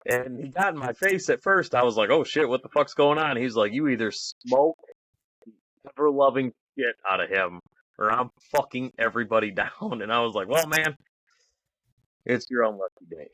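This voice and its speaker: A man's voice: mid-range voice, lively intonation, normal speed, fairly bright tone, no room sound. Joking man with a profane banter. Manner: joking, profane, laughs often. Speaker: podcast co-host, army veteran. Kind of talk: casual chat.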